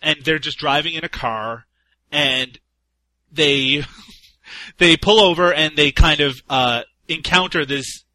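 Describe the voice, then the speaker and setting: A man's voice: on the high side, takes it slowly, sharp tone, no echo, poor audio. A man co-hosting a casual film review chat, laughing often and swearing freely. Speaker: podcast co-host.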